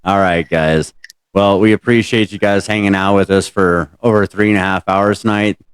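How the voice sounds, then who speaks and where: A man's voice: low voice, fairly even intonation, moderate pace, clear, resonant tone, dry recording. A man hosting a casual podcast, telling rambling, profane stories. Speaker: podcast host. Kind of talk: casual late-night podcast chat.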